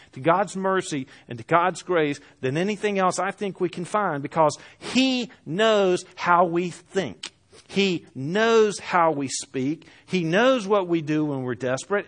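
A man preaching a sermon, reading scripture aloud and speaking with passion that swells and falls to hushed lows. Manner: impassioned, rising and dropping to hushed lows; reads scripture aloud in archaic phrasing.

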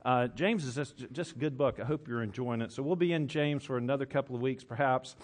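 A man's voice: medium pitch, fairly quick. A male pastor giving a conversational sermon to a congregation, often restarting his phrases and reading scripture aloud. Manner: conversational, self-correcting, reads old scripture aloud. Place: church with congregation.

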